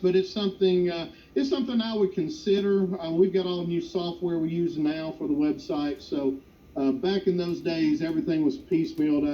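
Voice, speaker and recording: A man who runs a fan website, answering a panel question hesitantly with many fillers. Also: on the high side. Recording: dull lo-fi sound, faint noise.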